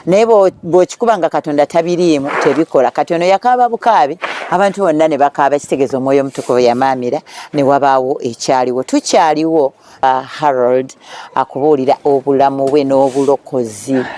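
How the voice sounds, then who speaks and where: Mellow-voiced host with a Ugandan accent. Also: medium pitch. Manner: encouraging, echoes the guest with amens and wows. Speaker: TV talk show host. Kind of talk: casual interview chat.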